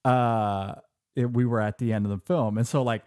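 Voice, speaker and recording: A man's voice: mid-range voice, steady tone, normal speed, darkish tone, dry recording, clean studio sound. A man co-hosting a film podcast in casual chat, rambling and enthusiastic, restarting his sentences often.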